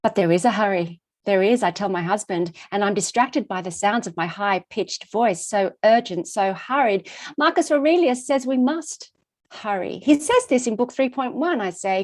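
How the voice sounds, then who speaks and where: A middle-aged woman giving a conference talk, telling a personal story in an expressive, rhythmic way with lots of repetition. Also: mid-range voice, moderate pace. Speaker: conference speaker.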